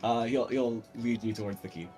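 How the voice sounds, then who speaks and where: Rambling young game master. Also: male voice, mid-range voice, steady tone, moderate pace, warm tone, faint music behind. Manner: rambling, full of fillers and restarts. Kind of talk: narrating a tabletop game, casual.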